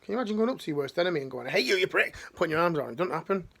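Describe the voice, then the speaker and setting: Middle-aged man, ex-military life coach, gravelly, slangy and heartfelt, restarts a lot. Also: fairly high pitch, animated, rapid-fire, a bit bright. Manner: earnest, slangy, rambling with restarts. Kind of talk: emotional motivational talk.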